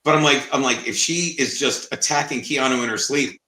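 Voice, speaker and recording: A man co-hosting a casual livestream chat, loud and swearing, laughing through his stories. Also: medium pitch, brisk. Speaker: co-host. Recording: echoey room.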